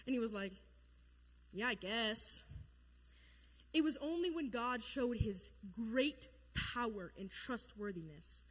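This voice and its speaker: A woman's voice: fairly high pitch, animated, measured pace, few pauses, long reverb tail. A woman leading a casual Bible lesson, chatty and joking, acting out quotes in funny voices. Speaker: youth Bible study leader.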